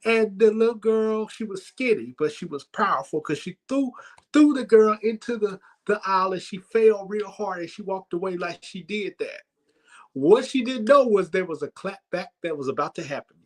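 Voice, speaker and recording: A man with a fairly high voice hosts a comedic church livestream, speaking into his stream microphone. He tells his stories with lively energy and often trips over his words and starts over. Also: poor audio. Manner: lively storytelling with stammered restarts.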